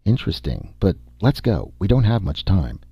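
Brisk, soft-spoken female explorer for a sci-fi audiobook, voiced by a husky male reader. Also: low-pitched, very animated, no room sound, exaggerated voice. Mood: calm. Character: calm capable woman explorer in a pressure suit. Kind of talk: audiobook dialogue. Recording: dull dry recording.

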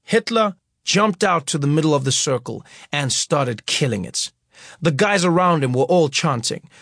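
A man narrates his memoir in an animated voice that rises and falls widely. His tone is slightly husky, and the studio recording is close and dry. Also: a little high, moderate pace, no echo. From South Africa. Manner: lively storytelling that acts out scenes.

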